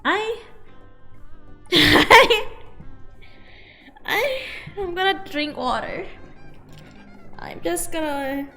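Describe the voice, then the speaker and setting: Slow, highly animated woman streamer. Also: soft background music. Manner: giggly, flustered, swears casually. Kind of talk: casual game stream, reading dialogue aloud.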